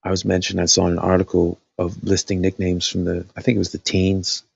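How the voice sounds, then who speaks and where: A man's voice: deep voice, completely flat delivery, brisk, gravelly, husky, dry recording, dull audio. A man hosting a casual live stream, thinking aloud with lots of fillers, his voice dry after talking all night.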